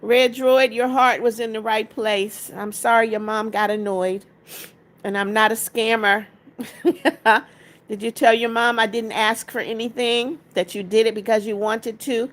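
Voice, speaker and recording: Woman, livestream host, fairly high voice, casual chat, greets viewers by name, urges likes. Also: flat delivery, normal speed. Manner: greets viewers by name and reads their comments aloud; coaxing, keeps urging viewers to tap likes.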